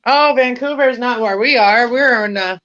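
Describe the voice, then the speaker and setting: A middle-aged woman from Ontario chats on a livestream in a bright, forward voice. She rambles a little and restarts her sentences. Her audio comes through dull and lo-fi. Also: a little high, moderate pace. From Canada (Ontario). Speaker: viewer joining a livestream. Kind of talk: casual chat. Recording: muffled lo-fi audio.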